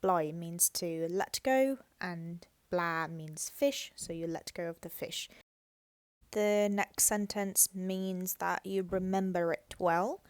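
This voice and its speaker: A woman teaching Thai tones, explaining slowly and modelling each word in a louder, raised voice. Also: lowish voice, dry recording.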